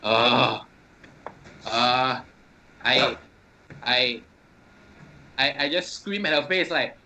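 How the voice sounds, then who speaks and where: Stammering bright-voiced player. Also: male voice, medium pitch, expressive, drawn-out words, a little hiss or hum. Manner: hesitant, stammering restarts. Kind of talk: tabletop role-play chat.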